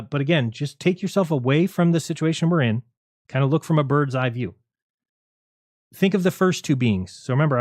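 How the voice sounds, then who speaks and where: Guy ranting on his livestream, fast and sarcastic, kinda high voice, dry close sound. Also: darkish tone, dry recording. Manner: rapid, argumentative, sarcastic. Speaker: livestream host. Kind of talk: casual livestream monologue.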